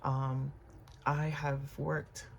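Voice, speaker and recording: Vlog host, unscripted personal talk, gravelly voice, candid, reflective, pauses and fillers. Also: medium pitch, flat delivery, slight background noise.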